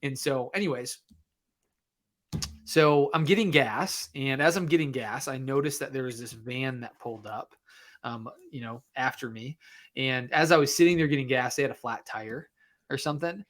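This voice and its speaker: Animated storytelling man on a podcast. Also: medium pitch, moderate pace. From Michigan. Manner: animated, re-enacts dialogue. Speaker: guest author. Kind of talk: casual storytelling in conversation.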